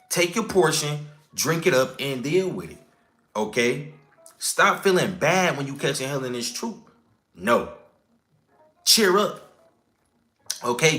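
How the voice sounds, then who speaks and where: Emphatic man preaching with lively pitch. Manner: emphatic, preachy, rhetorical questions, casual swearing; repeats "okay?" and "all right?". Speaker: religious teacher. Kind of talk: informal scripture teaching.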